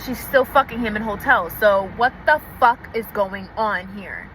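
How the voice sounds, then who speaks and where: A woman's voice: mid-range voice, a little slow, a bit bright, a little hiss or hum, poor audio. A young woman telling a personal story in a casual vlog, blunt and heavy on swearing. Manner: blunt, profane and emotional. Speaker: vlogger.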